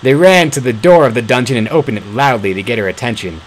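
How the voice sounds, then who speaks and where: A man's voice: medium pitch, fast, a little hiss or hum, rough recording. A man reading a fan story aloud, stumbling and correcting himself now and then. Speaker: fan-fiction reader.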